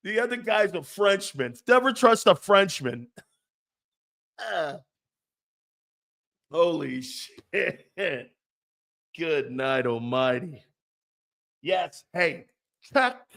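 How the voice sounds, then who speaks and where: Sports radio guy ranting, swears a lot, kinda high voice, laughs at his own jabs. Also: expressive, extremely slow, gravelly, long pauses, fairly bright tone. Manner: brash and profane, laughing between jabs. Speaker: sports talk host. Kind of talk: opinionated sports radio rant.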